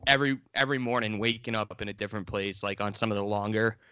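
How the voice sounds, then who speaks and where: A man's voice: lowish voice, steady tone, fast talker, bright, forceful tone, clear, resonant tone, no room sound, lo-fi sound. A man from Long Island co-hosting a podcast, chatting eagerly and rambling with many restarts. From Long Island, New York. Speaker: podcast co-host. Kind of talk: casual podcast chat.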